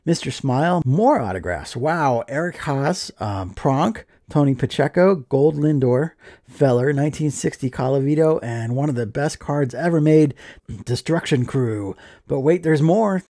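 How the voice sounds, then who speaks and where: A man's voice: medium pitch, a little slow, warm tone, no room sound, studio quality. A man chatting casually as he opens mail, enthusiastic and joking. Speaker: card collecting vlogger. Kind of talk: casual mail opening chat.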